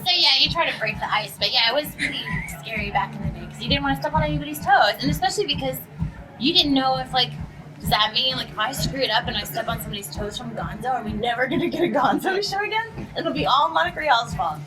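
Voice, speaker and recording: A young adult woman, a voice actress, telling bubbly, animated stories at a convention press conference. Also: high-pitched, low-quality recording. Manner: bubbly, animated storytelling with quick asides. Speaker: voice actress and anime script writer, guest. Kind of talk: casual press conference answers. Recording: music playing in the background.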